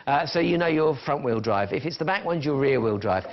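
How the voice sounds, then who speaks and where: A man's voice: on the high side, expressive, a little fast, muffled recording. A man presenting live on a shopping channel, chatting and counting down falling prices. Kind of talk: live TV sales pitch. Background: music.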